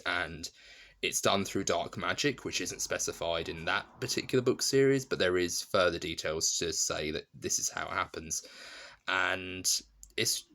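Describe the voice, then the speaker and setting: A man with a deep, low-pitched voice talks through a film review in a loose, casual way. He restarts sentences often and leans on fillers as he goes. He sounds fond and enthusiastic about the film. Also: fairly bright tone. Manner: rambling, many restarts and "you know" fillers.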